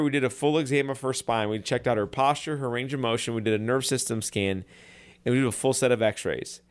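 A man speaking as a chiropractor, his voice smooth and clear at an ordinary middle pitch. He talks in an earnest, conversational way, with many restarts and stories. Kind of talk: casual talk to camera.

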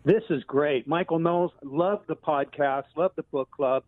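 A male caller on a tinny, dry phone line, his voice a bit high. He sets up and delivers a joke in a flat, deadpan way before hanging up. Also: moderate pace, no room sound. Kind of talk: call-in to talk radio.

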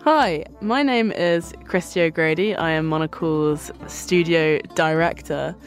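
A woman with a Hampshire accent, a studio director, speaking in a relaxed, self-deprecating way. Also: deep voice, a little slow, over loud music. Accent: Hampshire, southern English.

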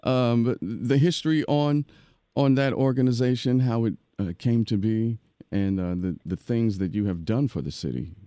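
A man hosting a podcast, talking in an animated, preachy way and often repeating himself. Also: medium pitch, normal speed, clean tone, no echo, clean studio sound. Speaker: podcast host. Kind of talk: casual podcast interview.

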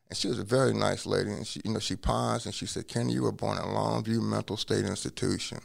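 Deep gravelly man telling a story. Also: quick pace. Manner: acts out quoted dialogue in a lively way; casual, drops curse words. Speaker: guest telling his life story. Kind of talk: conversational storytelling.

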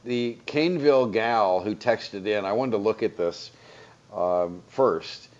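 A man's voice: fairly low pitch, measured pace, darkish tone, dull audio. A man hosting a radio talk show in casual chat, reading out quotes and laughing easily. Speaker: radio host.

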